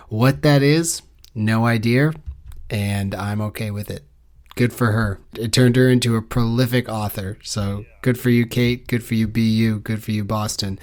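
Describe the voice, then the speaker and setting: A man's voice: lowish voice, fairly even intonation, unhurried. A man co-hosting a book podcast, talking in a blunt, joking, rambling way. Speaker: podcast co-host. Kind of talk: casual book-club chat.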